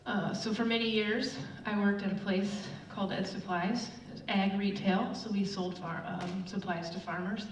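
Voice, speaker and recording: A woman's voice: medium pitch, normal speed, hardly any pauses. Woman telling stories in a roomy hall. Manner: chatty, animated storytelling with many fillers. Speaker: church speaker. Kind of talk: casual sermon with personal stories. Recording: roomy, distant, dull with faint room noise.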